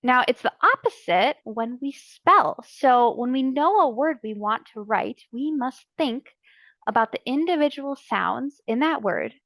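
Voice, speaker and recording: A woman presenting a training session for early childhood educators, explaining letters and sounds clearly and deliberately. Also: high-pitched, animated, fairly bright tone, no echo. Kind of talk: instructional narration.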